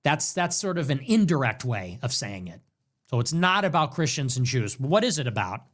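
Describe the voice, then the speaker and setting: A man's voice: mid-range voice, big pitch swings, moderate pace, fairly bright tone. A man hosting a commentary show, reacting to clips in a mocking, sarcastic way and repeating phrases back. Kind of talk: political commentary stream.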